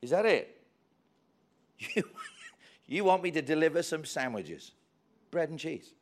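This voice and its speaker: A man's voice: fairly high pitch, measured pace. A man preaching a sermon, telling a story with great animation and acting out its characters' voices. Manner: animated storytelling, acting out voices with big swings from quiet to loud.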